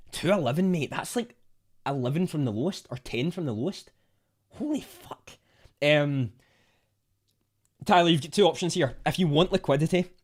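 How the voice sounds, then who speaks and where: A young man with a Scottish accent chatting casually on a livestream, reading out viewer comments with bursts of excitement. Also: mid-range voice. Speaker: livestream host.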